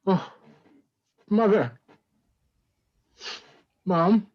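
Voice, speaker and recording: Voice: mid-range voice, lively intonation, drawn-out words. An actor playing a hesitant young heroine, muffled. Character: young woman fleeing an engagement. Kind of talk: improvised stage comedy.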